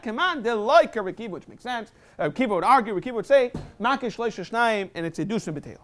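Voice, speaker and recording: A man teaching a Talmud lesson in a synagogue, reading Aramaic text and explaining it in English with quick rhetorical questions. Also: high-pitched, animated, a bit bright.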